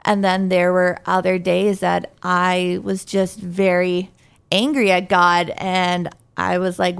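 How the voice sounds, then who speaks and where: A woman with a fairly low, resonant voice speaks clearly and unhurriedly in a steady tone. She is a guest in a conversation, telling her personal faith testimony candidly and earnestly while laughing lightly at herself.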